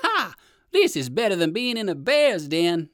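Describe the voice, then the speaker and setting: A man voicing a kindly old gentleman rabbit in a storybook reading, with high, excited exclamations. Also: moderate pace, dry recording, clean studio sound. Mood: cheerful.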